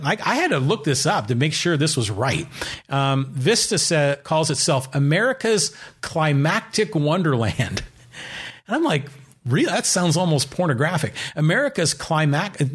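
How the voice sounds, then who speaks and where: Rambling, chuckling male podcast host. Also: on the high side. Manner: rambling, chuckling, lots of ums and restarts. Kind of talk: casual podcast talk.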